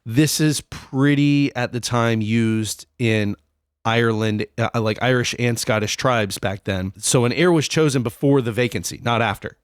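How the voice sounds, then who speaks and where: A man's voice: medium pitch, a little slow, clear, resonant tone, no room sound, studio quality. A man co-hosting a casual podcast, explaining history in a loose, rambling way with many fillers. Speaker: podcast co-host.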